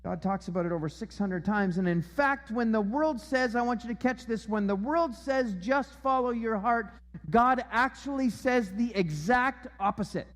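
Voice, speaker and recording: A man's voice: extremely high pitch, normal speed, long reverb tail. A man preaching a sermon as pastor, emphatic and repeating his key phrases. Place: church auditorium.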